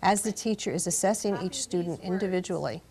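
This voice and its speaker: A woman, a guest on an education program, explaining classroom footage in a measured voice-over. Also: lowish voice, darkish tone. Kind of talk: voice-over narration.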